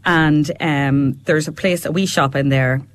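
A middle-aged woman, chatting on radio as a guest, animated and laughing often as she tells stories. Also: sits low, measured pace. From Ireland, border area near Leitrim. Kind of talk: casual radio chat.

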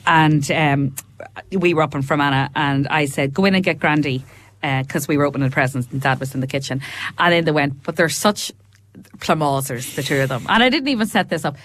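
A woman's voice: deep voice, a little fast. A woman, a candid and chatty guest on a radio talk show who tells stories. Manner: chatty, candid, lively storyteller. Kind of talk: casual chat.

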